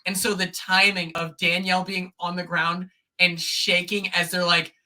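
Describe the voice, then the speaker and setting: A man guesting on a podcast, talking in an animated, rambling way that often breaks off mid-thought. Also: high voice, normal speed. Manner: animated, rambling, self-interrupting. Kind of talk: casual chat.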